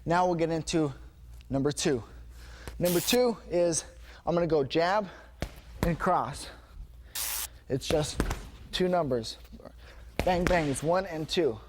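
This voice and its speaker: Energetic man coaching punch combos. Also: a little high, slow, pauses often. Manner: energetic, punctuates moves with "bang". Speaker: martial arts instructor. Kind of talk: instructional striking demonstration. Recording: noisy gym recording.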